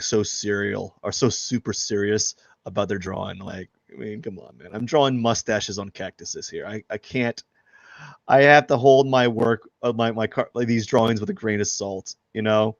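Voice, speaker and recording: This artist, a man with a medium-pitched voice, livestreams his drawing and chats in a rambling, joking way, often poking fun at himself. The sound is lo-fi with no room sound.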